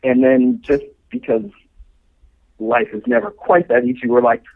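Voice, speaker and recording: A middle-aged man, a show's co-creator, telling anecdotes as a guest in a podcast interview, animated and full of fillers. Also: medium pitch, measured pace, creaky. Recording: tinny phone-like line.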